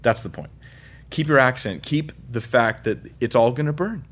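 With light humor at his own expense, a male pastor from California preaches emphatically, moving from loud high stresses to quiet low phrases. He speaks at a normal pace over slight background noise.

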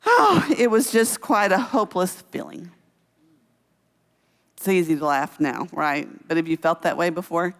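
A woman's voice: fairly low pitch, creaky. Woman telling a funny story in a hall. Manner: lively, humorous storyteller who acts out quotes. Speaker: church speaker. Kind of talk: personal story leading into Bible teaching. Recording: long reverb of a hall.

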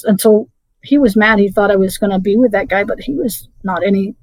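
A woman's voice: medium pitch, no echo, low-quality recording. Middle-aged woman guest, hesitant storyteller, dry recording. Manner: halting, many restarts and fillers. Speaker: interview guest. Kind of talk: personal story in conversation.

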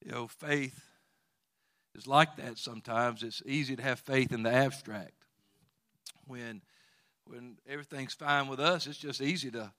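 A man's voice: mid-range voice, moderate pace, no room sound. Folksy preaching man, dry sound. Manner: folksy storytelling with plain asides; swells to loud exhortation when leading praise. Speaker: pastor. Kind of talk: sermon. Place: church.

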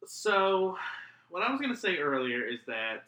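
A man's voice: sits high, sing-song, measured pace, sharp tone, roomy sound, low-quality recording. A man co-hosting a podcast, chatting casually in a sarcastic, exasperated way. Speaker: podcast co-host. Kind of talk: casual chat.

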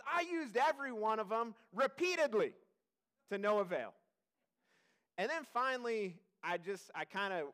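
A man's voice: sits high, fairly bright tone. A man in his thirties, a pastor giving a sermon in church, telling stories in a casual, self-deprecating way with asides to the congregation. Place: church service.

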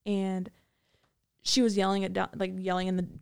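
A woman's voice: medium pitch, completely flat delivery, normal speed, gravelly, smooth. A woman rambling through stories of her time in prison, in a casual interview. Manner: rambling, many fillers and restarts. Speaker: guest recounting prison time. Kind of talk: casual storytelling.

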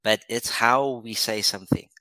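A man's voice: mid-range voice, steady tone, moderate pace, pushed and bright, no echo, rough recording. A man co-hosting an English lesson podcast, encouraging and praising often, with many uh fillers. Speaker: podcast co-host.

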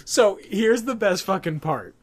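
A man's voice: high-pitched, animated, takes it slowly, a crowd in the background. Rambling, cursing young man telling a story. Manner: rambling, profane, laughs at his own jokes. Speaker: podcast co-host. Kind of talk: casual storytelling chat.

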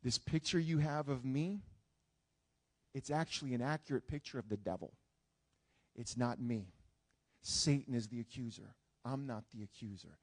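A man voicing God in a sermon, speaking low, hushed and reassuring. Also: moderate pace, long pauses, lightly acted. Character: calm gentle God speaking to a believer.

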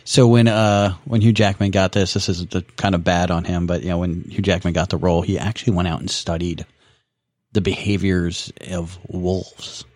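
A man with a fairly low voice chats casually while watching a movie, dropping trivia between stumbles and restarts. The sound is dry and close, with no room around it. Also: flat delivery, normal speed, a little mellow, no room sound. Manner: trivia-sharing, hesitant restarts. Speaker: co-host.

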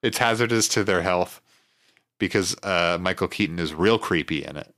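Male podcast co-host, bright tone, dry sarcastic humor, casual banter. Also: low-pitched, moderate pace. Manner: dry, sarcastic jokes with frequent laughs. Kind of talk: casual comedic chat.

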